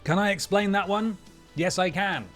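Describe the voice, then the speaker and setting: A man's voice: sits high, normal speed, fairly bright tone, faint music behind. A man hosting a game livestream, chatting wryly and thanking viewers. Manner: chatty and wry, with playful voice jumps. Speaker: livestream host. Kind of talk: casual stream chat, thanking viewers.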